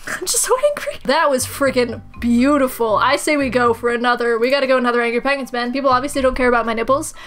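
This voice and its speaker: A woman doing let's play commentary, animated and sarcastic, breaking into high squeals and swearing. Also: quick pace, few pauses, soft background music. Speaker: gaming commentator.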